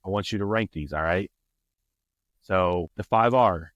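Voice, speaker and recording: A man hosting a casual podcast chat, animated and quoting movie lines with a lifted voice. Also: low voice, a little slow, long pauses, no echo, dull audio. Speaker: podcast host.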